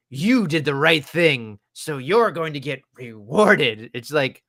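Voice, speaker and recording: A man's voice: fairly high pitch, bright, forceful tone. A man co-hosting a casual wrestling podcast, talking in an exasperated, profane way. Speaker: podcast co-host.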